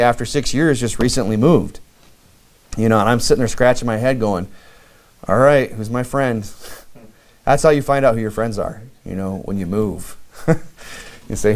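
Conversational man preaching a sermon. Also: mid-range voice. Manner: conversational preaching, many "you know" fillers, acts out lively quoted dialogue. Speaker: pastor.

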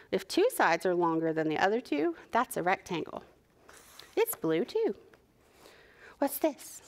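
A young woman reading a picture book to preschoolers, slow and unhurried. Her voice bounces up and down with lots of expression. She speaks in a gentle, encouraging sing-song to little children. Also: mid-range voice. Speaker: children's librarian. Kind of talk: preschool story time reading.

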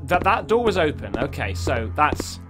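Lively man over game music. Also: on the high side, moderate pace. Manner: jumpy, swearing, talking to himself. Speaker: gaming YouTuber. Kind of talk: horror game let's play commentary. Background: spooky game music.

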